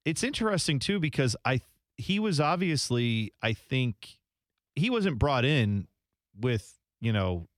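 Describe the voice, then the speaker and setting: A man co-hosting a casual sports podcast, talking in an animated way and mimicking announcers in high, exaggerated bursts. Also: a little slow, dry recording, clean studio sound. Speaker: podcast co-host.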